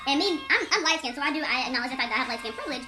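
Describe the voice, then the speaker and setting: A woman in her twenties vlogging at home in a blunt, frustrated, animated way. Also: high voice, racing, reverberant, over music, poor audio. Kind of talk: casual talking-head vlog rant. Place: home bedroom corner.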